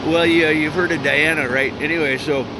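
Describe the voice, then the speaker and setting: Male, higher voice, profane stammering street rant, noisy city traffic recording. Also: steady tone, brisk. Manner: profane, stammering, lots of fillers. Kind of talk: rambling outdoor rant.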